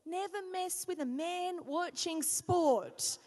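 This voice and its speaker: A woman from Australia preaching in a high voice, telling stories with lively, self-mocking humor. Her words ring out with a long reverb from a church hall. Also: takes it slowly. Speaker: pastor. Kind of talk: sermon.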